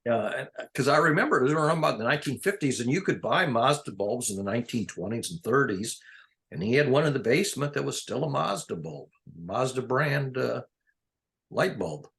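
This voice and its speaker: A man's voice: medium pitch, animated, a little fast, vocal fry, fairly bright tone. Rambling older man in casual chat. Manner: rambling, digressive, chuckles often. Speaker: conversation partner.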